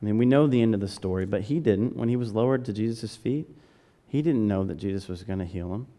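A man from the American South preaching a conversational sermon, building to excited emphasis. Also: fairly low pitch, fast talker.

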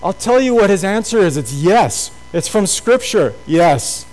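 A man's voice: high voice, very animated, a little slow, hardly any pauses, darkish tone, poor audio. Earnest man preaching to his church. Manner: earnest, urging, repeats phrases. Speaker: pastor. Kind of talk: sermon.

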